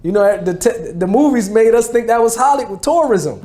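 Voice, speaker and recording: Man, 40s, new jersey accent, street slang, repeats phrases, high voice, mellow. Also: animated, normal speed. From New Jersey, USA. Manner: repetitive, casual street slang, restarts phrases. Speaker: guest telling his life story. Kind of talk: conversational testimony.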